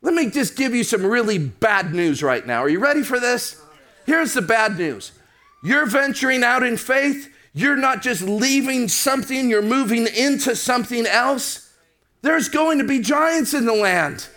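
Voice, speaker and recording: A man with a high voice preaches a sermon. He reads scripture aloud, then slows down and lifts his voice to press a point home. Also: lively intonation, pushed and bright. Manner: preaching, slowing down and rising for emphasis.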